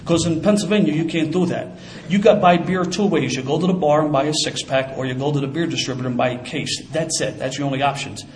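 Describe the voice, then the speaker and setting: An older man tells his story fast, in a casual, streetwise way. His voice sits a little high for a man. Faint room sound runs underneath. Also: a little hiss or hum. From Philadelphia. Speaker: former police officer. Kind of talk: personal storytelling.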